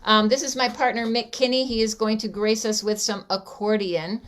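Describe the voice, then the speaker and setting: A woman's voice: on the high side, steady tone, moderate pace. A woman guest song leader chatting on a video call, introducing a song with frequent ums. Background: guitar music.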